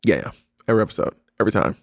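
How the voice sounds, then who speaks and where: A man talking casually as a guest, an animated storyteller who acts out what others said. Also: lowish voice, rapid-fire, dry recording, clean studio sound. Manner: animated storyteller, slips into quoted voices. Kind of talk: casual chat.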